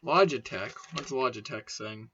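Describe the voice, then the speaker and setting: A man's voice: medium pitch, a little slow, bright, forceful tone, muffled recording, a little hiss or hum. A young man rambling casually and swearing as he unboxes and sets up a microphone at home. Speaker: video creator. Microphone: desk microphone being set up.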